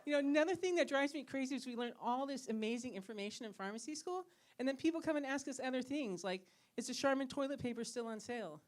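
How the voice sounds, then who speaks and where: A woman's voice: high-pitched, fast talker, few pauses, a little hiss or hum. A woman performing a stand-up comedy set as a pharmacist on a club stage, teasing the audience with questions. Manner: teasing, asks the crowd questions.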